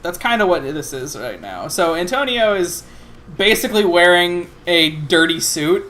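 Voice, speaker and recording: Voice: medium pitch, animated, normal speed, fairly bright tone. A game master narrating a tabletop role-playing game in a loose, profane way, with laughing asides.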